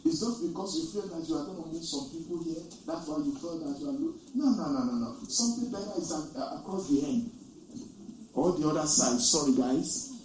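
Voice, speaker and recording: A man's voice: on the high side, animated, brisk, a little mellow, a little hiss or hum. A man preaching a sermon, telling stories and repeating his key lines with rising emphasis. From Nigeria. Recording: echoey, distant from the mic.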